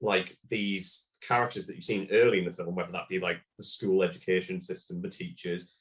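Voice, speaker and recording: A man's voice: low voice, flat delivery, brisk, fairly bright tone. A man as a podcast guest, talking about a film and album in a casual, rambling way with lots of fillers.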